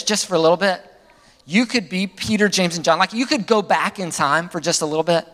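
A man preaching a sermon, his voice sitting somewhat higher than most men's. He swings his pitch upward to stress points and lets it fall low and quiet at phrase ends, and a long hall reverb trails behind every line. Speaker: pastor.

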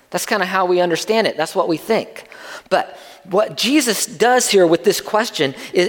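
High-voiced man preaching in a hall. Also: fairly bright tone. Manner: conversational, asks the congregation questions. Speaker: pastor. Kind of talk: sermon. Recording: long reverb of a large hall.

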